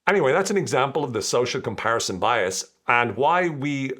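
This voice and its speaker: A man hosts a podcast in a relaxed, conversational way. He is chatty and jokey as he explains his points. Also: mid-range voice, fairly quick. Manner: chatty, jokey, acts out quoted voices. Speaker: podcast host. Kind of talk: casual explanatory monologue.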